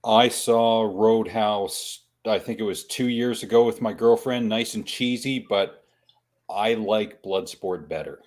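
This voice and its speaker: A Canadian man co-hosting a podcast in casual chat, relaxed and matter-of-fact as he recommends movies. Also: lowish voice, a little slow. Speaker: podcast co-host.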